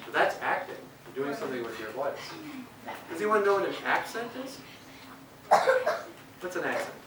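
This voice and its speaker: A man's voice: fairly high pitch, very animated, moderate pace, a crowd in the background. A man from Minnesota performing as a puppeteer for schoolchildren, talking playfully and asking the kids questions. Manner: playful, asks the children questions. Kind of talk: school performance talk to children. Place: elementary school room. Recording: echoey room, distant mic, guitar behind.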